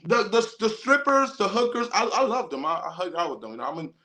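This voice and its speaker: A man of Colombian background talks in a loose, rambling way and keeps restarting his sentences. His voice sits high and sounds bright and forward. He speaks as a guest on a casual podcast. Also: expressive, fast talker.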